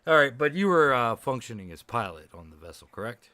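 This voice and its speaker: A man runs a tabletop game with a bright, forceful voice, loose and chatty and quick to laugh. The sound is dry and close. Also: mid-range voice, very animated, dry recording. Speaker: game master.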